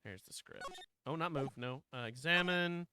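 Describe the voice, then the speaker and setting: A man's voice: a little high, normal speed, heavy background noise. A man casually commenting while playing a game, rambling and self-deprecating, swearing at his mistakes. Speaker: streamer.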